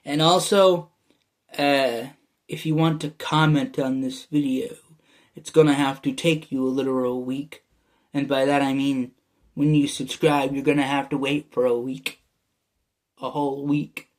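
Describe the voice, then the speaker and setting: Young guy with a Michigan accent, unhurried delivery, meandering casual vlog chat. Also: mid-range voice, little pitch movement. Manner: meandering, full of fillers and restarts. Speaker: YouTuber. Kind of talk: casual rambling vlog talk.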